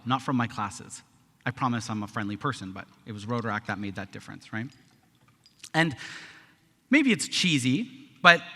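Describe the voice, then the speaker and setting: A man's voice: mid-range voice, pushed and bright. A man in his thirties giving a speech at a conference, talking in a conversational way and often tagging on a question. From Canada. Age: 30s. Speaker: conference speaker. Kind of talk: speech to a live audience. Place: large conference hall. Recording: echoey hall.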